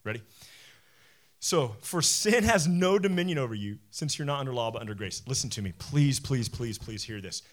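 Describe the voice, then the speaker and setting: A man in his forties preaching a sermon as a pastor, animated and conversational, often self-deprecating. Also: medium pitch, moderate pace.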